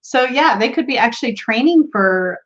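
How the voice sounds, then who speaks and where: A woman's voice: a little high, expressive, moderate pace. A woman hosting a casual tarot livestream, chatting and laughing as she reads viewer comments aloud. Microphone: streaming setup mic. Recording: dull lo-fi stream audio.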